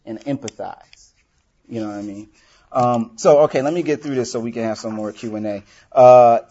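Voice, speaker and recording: A man's voice: mid-range voice, darkish tone. A man leading a workshop for a live group, talking casually with many "you know"s and acting out example lines. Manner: conversational, full of "you know", acts out quoted lines. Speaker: workshop leader. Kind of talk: casual teaching talk. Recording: dull lo-fi recording.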